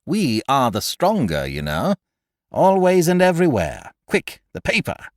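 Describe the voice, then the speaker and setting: A man voicing a menacing, misshapen male clerk turned crook, with gruff, mocking threats. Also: a little high, wildly swooping pitch, measured pace, no room sound, clean studio sound, pitched above the performer's own voice, full character voice. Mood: threatening.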